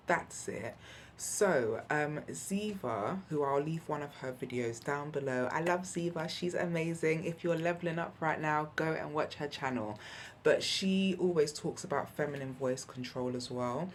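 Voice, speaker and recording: A woman's voice: low voice, a little hiss or hum. A woman giving parenting advice in a casual vlog, chatty and candid, laughing often and acting out what people said. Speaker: parenting vlogger. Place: at home.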